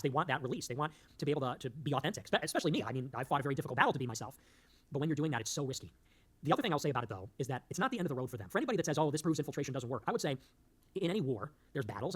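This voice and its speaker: A man's voice: fairly high pitch, a bit bright. A man hosting a political show, delivering a rambling, emphatic monologue that loses its thread and cracks jokes along the way. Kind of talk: fast-talking political monologue.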